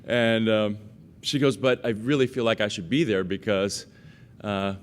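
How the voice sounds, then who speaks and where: A man's voice: fairly low pitch, fairly even intonation, measured pace, a little hiss or hum. Man telling stories in an acceptance speech. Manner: storytelling, self-deprecating, with fillers and voiced quotes. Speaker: award recipient giving acceptance speech. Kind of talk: casual anecdotal acceptance speech.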